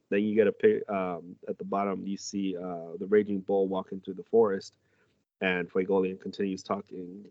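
A man's voice: low voice, little pitch movement, normal speed, dry recording. A man casually chatting and reading a comic aloud with fillers. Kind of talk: casual chat. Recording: dull lo-fi recording.

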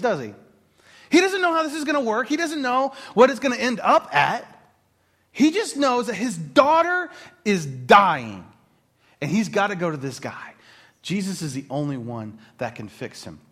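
A man's voice: high-pitched, normal speed. A man preaching a sermon as a pastor, talking casually and acting out the voices of the people in his story. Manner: animated, acts out quoted voices.

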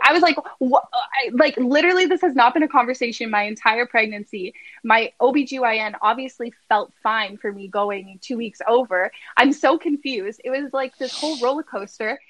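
A young woman hosts a casual podcast chat, telling her story with lots of filler words. Her voice sits a bit high. The sound is close and dry, with no room around it. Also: no room sound, low-quality recording. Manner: animated storytelling, many "like" fillers. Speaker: podcast host.

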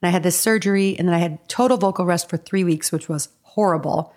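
A woman's voice: fairly low pitch, fast, a little mellow. A woman chatting as a podcast guest, rambling and laughing easily. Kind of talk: casual chat.

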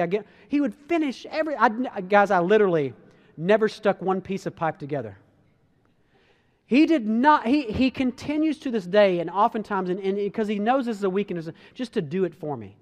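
A man's voice: high-pitched, lively intonation, moderate pace. A man giving an earnest, conversational talk to an audience, telling personal stories with frequent restarts and calling his listeners guys. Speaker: speaker giving a motivational talk.

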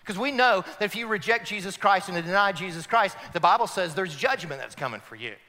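Man preaching with a bright, forceful voice. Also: high-pitched, lively intonation, brisk, in a large hall. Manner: emphatic, swinging between loud climaxes and hushed passages. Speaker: pastor. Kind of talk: preaching a sermon.

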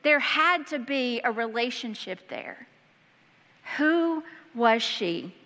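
A woman pastor preaching a sermon, reading scripture and breaking in with lively asides. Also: on the high side, slow. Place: church hall. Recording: long hall reverb.

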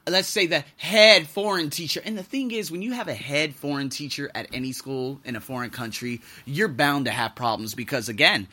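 Blunt, ranting man with a sharp high voice. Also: normal speed, few pauses. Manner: blunt, ranting, swears freely. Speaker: podcast host and English teacher. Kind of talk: casual monologue. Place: living and working abroad.

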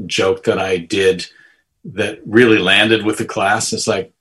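A man in his forties from Texas talks as an interview guest, unhurried and playful, with a good deal of self-deprecating humor. His voice sits a little low. He jokes about himself as he tells long stories. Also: fairly even intonation, a bit bright, slightly rough, low-quality recording. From Amarillo, Texas. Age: 40s. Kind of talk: casual interview storytelling.

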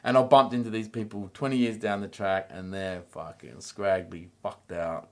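An Australian man hosts a relaxed podcast conversation, telling stories in a loose, rambling way with plenty of swearing. His voice sits a bit low. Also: moderate pace. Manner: rambling storyteller, swears freely. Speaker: podcast host. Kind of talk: casual podcast chat.

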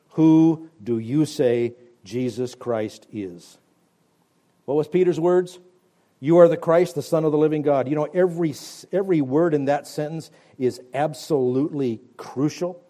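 A man preaching a radio Bible teaching as pastor, emphatic, with loud stressed words that sink to quiet, low endings.

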